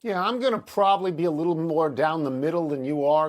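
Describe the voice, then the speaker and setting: A man's voice: a little high, lively intonation, fairly quick, few pauses. An older man co-hosting a sports talk show, sardonic and dry, reading out quotes and posing questions.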